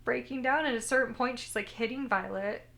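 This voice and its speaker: A woman's voice: on the high side, fairly quick, vocal fry, fairly bright tone. A woman co-hosting a casual podcast, retelling anime scenes and quoting the characters in her own voice. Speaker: podcast co-host. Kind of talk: casual chat recapping an anime.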